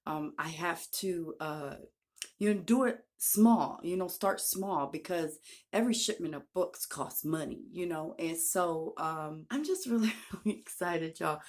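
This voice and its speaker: A woman, a YouTuber and self-published author, chatting through an excited unboxing vlog on her phone camera and gushing often. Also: lowish voice, a little slow. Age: adult with a daughter. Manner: gushing and excitable, repeats "oh my gosh". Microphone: phone camera held by hand.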